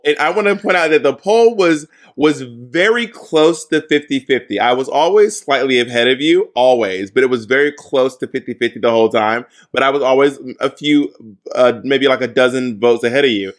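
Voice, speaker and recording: A man co-hosting a podcast in casual sibling banter, chatty and self-deprecating, with a slightly raspy voice after throat surgery. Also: medium pitch, moderate pace. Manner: chatty, self-deprecating, drops softer when talking about his voice. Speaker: podcast co-host.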